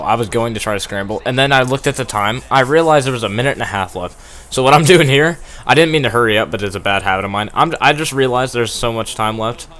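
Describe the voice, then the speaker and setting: A young man talks over his football game replay in a loose, rambling way. His voice is bright and a little low, and he laughs at his own mistakes and flares up when plays go wrong. It sounds like a gaming headset at home. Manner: rambling, self-deprecating, laughs often, gets worked up. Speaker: gaming commentator. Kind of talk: casual gameplay commentary. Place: at home playing on a TV.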